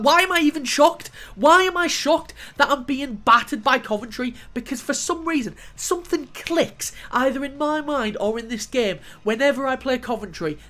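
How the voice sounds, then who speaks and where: A man commentating on his own football video game match, swearing and flaring up at the play. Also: sits high. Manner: swearing, excitable outbursts at the game. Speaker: gaming YouTuber. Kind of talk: gameplay commentary.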